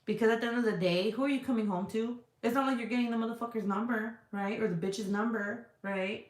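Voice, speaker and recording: A woman telling a story in casual chat as a vlogger, animated and swearing freely, laughing often. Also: fairly high pitch, quick pace. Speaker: vlogger reading live chat. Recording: roomy echo.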